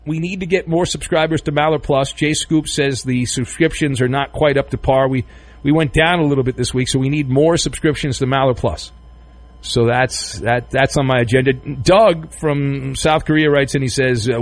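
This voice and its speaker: A man's voice: mid-range voice, moderate pace. A man hosting a sports talk radio show, chatting loosely and joking between listener notes and calls. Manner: loose, joking, rambling with fillers.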